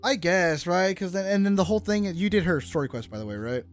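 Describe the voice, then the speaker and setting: A man's voice: high-pitched, a little fast, faint music behind. A young man hosting a casual gaming chat, talking in a loose, rambling way with restarts and the odd curse. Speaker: gaming YouTuber host.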